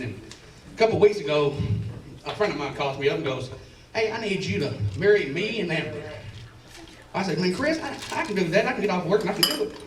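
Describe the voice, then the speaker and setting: Rambling Southern man on a comedy stage. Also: a little high. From Alabama and Tennessee. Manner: rambling, stammering restarts, swearing, chuckles through lines. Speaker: stand-up comedian. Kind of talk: stand-up set. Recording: roomy club sound, from a distance.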